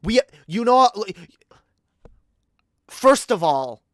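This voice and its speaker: Speaking slowly in a sing-song, mid-range voice, a woman from Canada rants angrily and with plenty of profanity on her live stream. She keeps stumbling, restarting and repeating words. The recording is dry and studio-clean.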